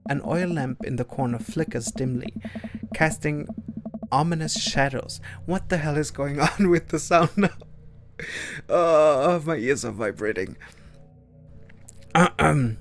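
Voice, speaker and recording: A man reads a story game aloud on his stream, slowly, with a mid-range voice. He stumbles over words and corrects himself with amusement. Soft music runs quietly underneath. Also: medium pitch. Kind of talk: reading a visual novel aloud on stream.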